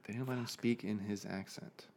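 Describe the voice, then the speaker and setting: A man's voice: on the low side, fairly even intonation, moderate pace, gravelly, crowd noise. A man co-hosting a podcast in casual chat, chatty and playful. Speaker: podcast co-host.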